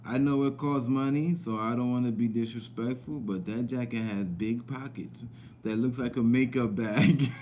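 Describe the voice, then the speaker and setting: A man's voice: medium pitch, steady tone, normal speed, darkish tone, a little hiss or hum. A young man with a slight Southern US accent, hosting a casual livestream chat in loose, rambling street slang. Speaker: livestream host.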